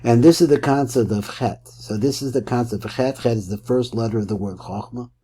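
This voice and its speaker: Mellow-voiced man teaching a Torah class. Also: mid-range voice, fairly quick, breathy edge. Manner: reads a text aloud and explains it, with Hebrew terms.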